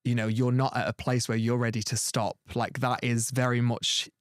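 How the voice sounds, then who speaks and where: A man's voice: medium pitch, little pitch movement, normal speed, no room sound, clean studio sound. Rambling male tarot reader. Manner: rambling, many "like" fillers and restarts; earnest and reassuring. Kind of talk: tarot reading conversation.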